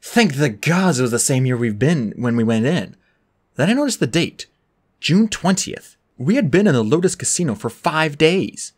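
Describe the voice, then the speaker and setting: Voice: medium pitch, moderate pace, slightly rough. An audiobook narrator reading a first-person novel aloud and giving each character its own voice. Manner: animated, voices every character.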